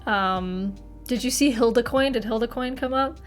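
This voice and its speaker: A woman's voice: on the high side, normal speed, soft background music. A young woman streamer chatting casually to her live audience, rambling, swearing freely and laughing often.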